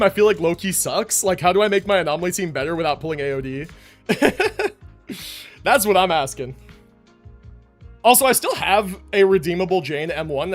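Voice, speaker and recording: High-voiced young man rambling on stream. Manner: loose and rambling, many restarts and fillers. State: out of breath after push-ups. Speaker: livestreamer. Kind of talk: casual live-stream chat. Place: home room. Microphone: desk mic, moves away from it.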